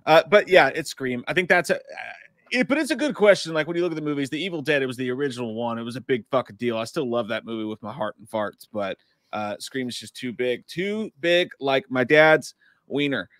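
A man's voice: mid-range voice, quick pace, a bit bright, no room sound, studio quality. A man co-hosting a casual movie podcast, cracking crude jokes. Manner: crude jokes, frequent laughter. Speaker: podcast co-host. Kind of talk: casual chat.

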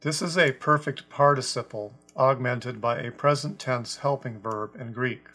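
A Bible teacher of middle pitch gives a scripture lesson in a deliberate, measured way, stressing single quoted words as he explains them. Soft music plays faintly underneath.

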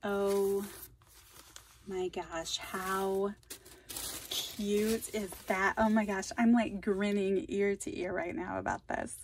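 A woman's voice: mid-range voice, steady tone, takes it slowly, slight background noise. A woman hosting a casual craft vlog, opening mail from viewers and thanking them effusively. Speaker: craft channel host.

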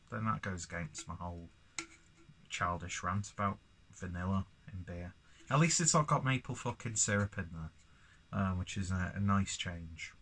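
A man talks through a beer review in a loose, rambling way. His voice sits a little low. He swears freely and keeps mocking his own tangents. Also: a bit bright. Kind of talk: casual beer review vlog.

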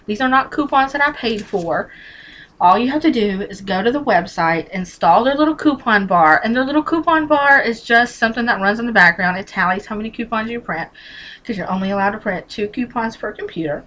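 Brassy, bright-voiced woman coupon vlogger. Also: mid-range voice, poor audio. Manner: brassy, blunt, chatty with mild swearing; emphatic repetition, talks straight to viewer. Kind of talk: casual how-to vlog.

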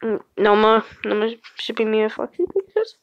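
A woman's voice: on the high side, very animated, moderate pace, no echo, muffled recording. A woman hosting a casual screen-recorded vlog, exasperated, swearing and laughing, recorded on a phone. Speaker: channel host reacting to fan art. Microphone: phone screen recorder mic.

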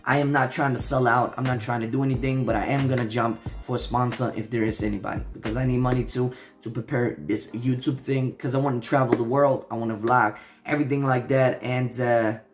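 A man from Denmark speaks English with an American-sounding accent at an ordinary middle pitch. He chats casually and earnestly as he reads viewer comments, thanking people again and again and drifting back to "so, yeah". A faint bed of music plays behind him. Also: steady tone, a little fast, hardly any pauses. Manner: earnest and affectionate, often falls back on "so, yeah". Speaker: channel host.

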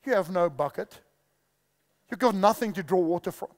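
A woman's voice: on the low side, animated, normal speed, a little mellow, pitched below the performer's own voice, close to an everyday voice. A male preacher voicing a sceptical woman at a well, indignant and questioning, in a reverberant hall.

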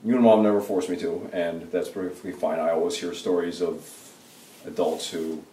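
A man's voice: sits low, flat delivery, moderate pace, warm tone. A young man who talks to his father in an articulate, wry and thoughtful way during an interview. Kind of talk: casual interview chat. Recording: roomy sound from a distant mic.

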